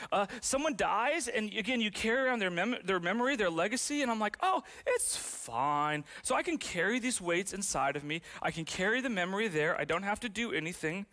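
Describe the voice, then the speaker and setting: Lively, fairly high-voiced young male pastor. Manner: animated storyteller, drops soft and slow on grief. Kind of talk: sermon with personal stories. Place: church stage with audience.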